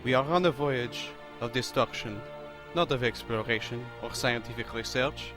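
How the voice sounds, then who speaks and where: A pompous French sea-documentary narrator, as a man puts him on, slow and grandiose in a hammed-up French accent. The voice sits at a middling pitch, with faint music playing behind it. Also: natural voice. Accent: put-on French accent. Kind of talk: scripted mock-documentary narration.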